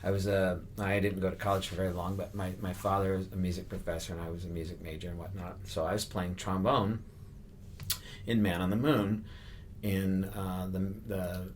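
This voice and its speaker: A man's voice: sits low, normal speed, a little hiss or hum. A middle-aged man casually telling a story in a podcast chat, acting out the voices he quotes. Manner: animated, acts out voices in quotes.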